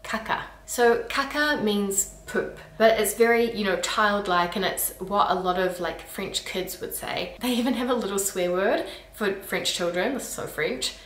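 A woman hosting a casual explainer video, playful and quick to laugh and groan in disgust. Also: mid-range voice, fairly bright tone, far from the mic. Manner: playful, laughs often, groans at gross words. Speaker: language video host. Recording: roomy echo, a little off-mic.

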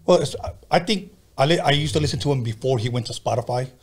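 A man's voice: mid-range voice, quick pace, breathy edge. A man hosting a podcast, telling casual, profane stories in a laid-back way. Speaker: podcast host. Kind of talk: casual storytelling chat.

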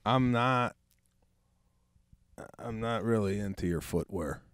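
A man's voice: on the low side, slow pace, very noisy. A man co-hosting a podcast in casual chat. He stammers and restarts before making his point. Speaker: podcast co-host.

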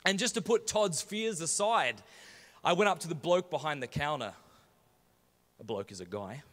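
An Australian man tells funny stories from a stage, animated and full of slang. His fairly high voice jumps around a lot. A long reverb from a large conference hall trails every line. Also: normal speed. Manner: animated, jokey, uses Aussie slang. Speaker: conference speaker. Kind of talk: humorous storytelling talk.

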